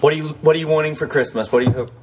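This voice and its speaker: A man's voice: a little high, steady tone, racing, a little hiss or hum. Giggly needling male podcast co-host. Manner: laughing, needling, prone to giggles. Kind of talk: casual banter.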